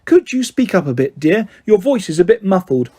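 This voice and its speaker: A man's voice: sits high, sing-song, normal speed, darkish tone, voice pushed up. A man voicing a fussy, snobbish middle-aged mother who talks in a prim, simpering way, reading a storybook aloud.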